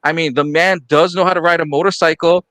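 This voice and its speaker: A man's voice: a little high, steady tone, fast, a bit bright, dry recording. A man hosting a casual pop culture panel podcast, steering the talk and handing turns to the other panelists. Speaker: podcast host.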